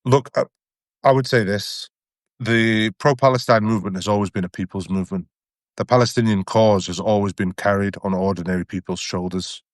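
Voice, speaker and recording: Deep-voiced man speaking earnestly. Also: steady tone, fairly quick, no room sound, studio quality. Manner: earnest and emphatic, repeating phrases. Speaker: guest. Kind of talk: interview testimony.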